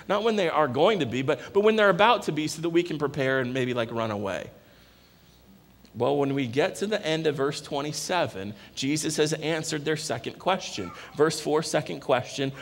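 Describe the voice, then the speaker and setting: Gravelly-voiced pastor preaching in a hall. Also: male voice, fairly high pitch, lively intonation, normal speed. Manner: earnest, repetitive rhetorical questions. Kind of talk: sermon. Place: church sanctuary. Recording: echoey church hall with long reverb.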